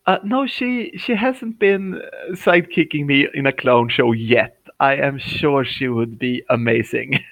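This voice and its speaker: A cheerful man, talking as a guest over a remote call. His voice sits at a medium pitch, and the sound is dry and close with no room echo. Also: unhurried, creaky, hardly any pauses, a bit bright. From Sweden. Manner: cheerful, laughs often. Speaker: professional clown, guest.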